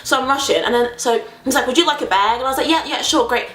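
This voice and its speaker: A woman vlogger telling a casual story, dramatic and animated, acting out quoted voices. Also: fairly high pitch, fast, roomy sound, slight background noise.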